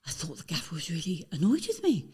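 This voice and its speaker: A woman's voice: deep voice, wildly swooping pitch, fast, warm tone, breathy edge, voice pushed down, exaggerated voice. A woman voicing a cheeky young male footballer who is sheepish and playful.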